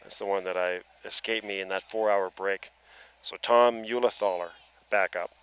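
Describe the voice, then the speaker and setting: Bright-voiced Atlantic Canadian baseball announcer. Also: male voice, low-pitched, moderate pace, clean tone. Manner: chatty, self-deprecating, excitable on plays. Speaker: play-by-play commentator. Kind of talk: live baseball commentary. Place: outdoor ballpark broadcast booth.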